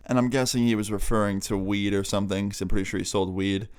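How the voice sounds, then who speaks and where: A man's voice: lowish voice, fairly even intonation, clear, resonant tone. A young man, a vlogger, telling a casual story time, chatty and profane. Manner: rapid, profane, chatty retelling.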